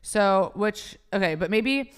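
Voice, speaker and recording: A woman's voice: mid-range voice, animated, slow, clean tone. A young woman hosting a casual podcast, reading listener stories aloud and reacting bluntly with lots of swearing. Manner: profane, laughing, blunt. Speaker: podcast host.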